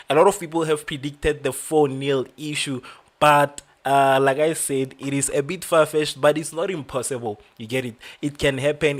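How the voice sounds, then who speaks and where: Young male livestream host, casual chatty delivery, filler-heavy, greets viewers. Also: medium pitch. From South Africa. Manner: chatty, many fillers, reads out viewer names. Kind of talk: football watchalong livestream chat.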